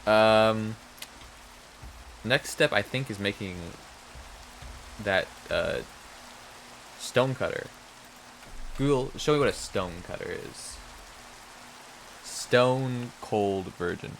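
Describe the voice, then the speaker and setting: Man, streamer, bright voice, joking banter, mutters while playing, faint rain behind. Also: fairly low pitch, slow pace, creaky, pauses often, a little hiss or hum, poor audio. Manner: joking, mock-outraged banter with chat. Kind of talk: casual live game stream talk.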